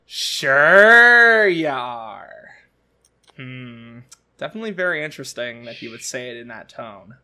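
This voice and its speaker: A man co-hosting a podcast, reacting to comics with excitable, gushing fan enthusiasm. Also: medium pitch, brisk. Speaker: podcast co-host. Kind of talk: casual fan chat.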